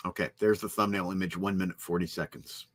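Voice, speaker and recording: A man's voice: deep voice, fairly even intonation, fast. A man hosting a rock music podcast in upbeat, chatty talk. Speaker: podcast host. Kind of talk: casual chat.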